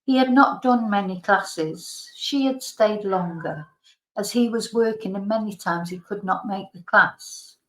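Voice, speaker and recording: A woman's voice: medium pitch, a little slow. Woman reading her memoir in a roomy echo. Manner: calm, frank storytelling with dry self-deprecating humour. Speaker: YouTube storyteller and Spanish teacher. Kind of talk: reading her own memoir aloud as a bedtime story.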